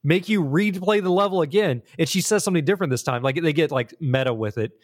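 Guy rambling on about games, kinda high voice, acts stuff out as he talks. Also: fast talker. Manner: animated, rambling storyteller who acts out scenes. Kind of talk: casual chat about video games.

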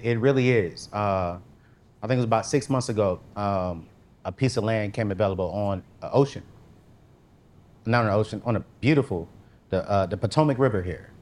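A man speaking as a guest, telling a personal faith story in a casual, slangy way and acting out his own quoted lines with big jumps in his voice. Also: lowish voice. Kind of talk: animated storytelling testimony.

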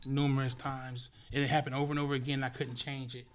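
A man's voice: mid-range voice, flat delivery, fast. A man from Los Angeles, a guest in a casual interview, telling his story vividly and profanely and acting it out with sound effects.

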